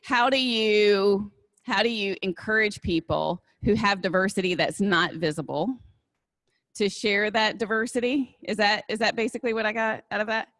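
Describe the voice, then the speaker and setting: A woman with a Southern American accent speaks to an audience in a relaxed, conversational way. Her voice sits at a middle pitch and sounds dry and close. She keeps checking in with listeners as she explains. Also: normal speed, dry recording. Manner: conversational, asks "right?" often. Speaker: diversity and inclusion speaker. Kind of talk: live talk with audience Q&A.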